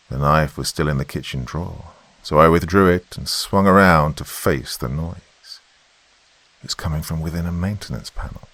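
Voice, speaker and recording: Male horror narrator, very deep, gravelly, dramatic delivery. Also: fairly bright tone, dry recording.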